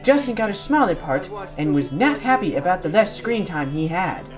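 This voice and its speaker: A young man narrating a mock documentary in a deadpan, mock-serious way, with guitar music behind. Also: high voice, normal speed.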